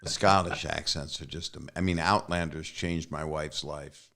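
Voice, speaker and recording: A man's voice: very deep voice, fairly even intonation, normal speed, vocal fry, fairly bright tone. A man hosting a podcast in casual chat, rambling along with self-deprecating jokes. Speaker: podcast host.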